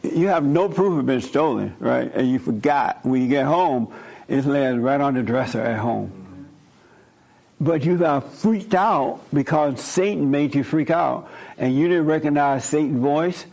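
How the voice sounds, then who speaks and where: A man's voice: mid-range voice, a little slow, creaky, a little mellow. A man giving an informal spoken sermon in a conversational way, repeating his points and often checking in with "right?". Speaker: preacher.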